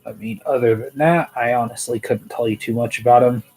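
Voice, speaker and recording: A man's voice: medium pitch, steady tone, a little fast, a little mellow, low-quality recording. A man hosting a casual toy news show, rambling and hesitant, with many fillers, tired and yawning. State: sleepy, yawning.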